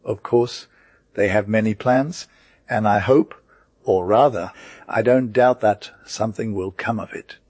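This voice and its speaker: Guy doing a polite host, low calm voice, dry. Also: a little slow, no room sound. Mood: reassuring. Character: hospitable innkeeper man.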